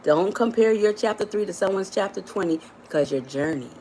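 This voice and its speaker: A woman's voice: lively intonation, fairly quick, a little mellow, a little hiss or hum. A woman life coach giving a motivational live-stream talk, affectionate and emphatic, often repeating herself and calling her listeners baby and honey. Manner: emphatic and repetitive, rising to high exclamations.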